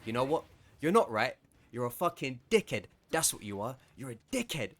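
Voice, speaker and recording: A man retelling a story, mimicking a rude, sarcastic male customer who ends up shouting insults. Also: mid-range voice, fast talker, close to an everyday voice. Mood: angry.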